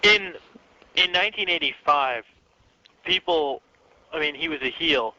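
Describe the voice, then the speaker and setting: A man's voice: fairly high pitch, animated, unhurried, pushed and bright. A man co-hosting a wrestling podcast, wry and sarcastic in casual chat. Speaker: podcast co-host. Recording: dull lo-fi podcast audio.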